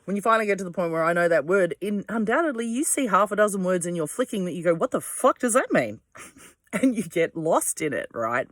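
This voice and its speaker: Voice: medium pitch, expressive, quick pace, no room sound, clean studio sound. A vlogger with an Australian accent, talking casually at home in a digressive way and swearing easily. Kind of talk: casual rambling monologue. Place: home without power, by candlelight.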